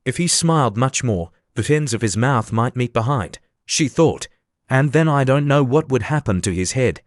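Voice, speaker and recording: A man narrating a classic children's story for an audiobook. His delivery is steady and even, at a middle pitch. The sound is dry and close to the mic. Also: moderate pace, no room sound. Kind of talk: scripted narration.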